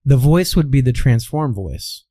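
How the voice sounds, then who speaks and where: Here the Kansas voice coach, a guest in a relaxed interview, leans on anecdotes and keeps dropping in "all right." The recording has no room sound; his mid-range voice is expressive, mellow, and a touch slow, with a softened Midwestern American accent.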